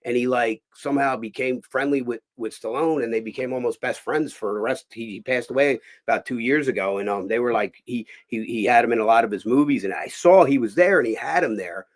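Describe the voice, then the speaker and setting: A man from Philadelphia, hosting a casual chat show, spins a long anecdote with a voice of middling pitch. He leans into every quoted line, switching voices and raising his volume for the punchlines. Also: brisk, few pauses. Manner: animated storyteller, acts out quotes with loud impressions. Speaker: host. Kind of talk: storytelling chat.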